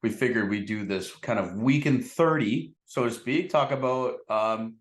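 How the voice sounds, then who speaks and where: A man's voice: mid-range voice, moderate pace. A man hosting a casual sports podcast, chatting loosely with plenty of fillers. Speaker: podcast host. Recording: echoey room.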